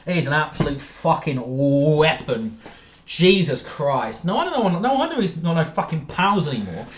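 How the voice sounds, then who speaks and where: A man hosting a reaction stream, swearing and exasperated, breaking into shouting outbursts. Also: fairly high pitch, sing-song, fairly quick, reverberant. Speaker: stream host reacting to videos. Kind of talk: drunk reaction stream commentary.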